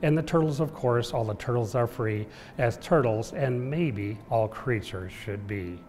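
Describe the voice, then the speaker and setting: Guy reading a rhyming kids book, mid pitch, bouncy rhythm, big echoey room. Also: unhurried. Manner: rhythmic, expressive rhyming delivery. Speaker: storyteller. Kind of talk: children's book read aloud. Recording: echoey room with long reverb.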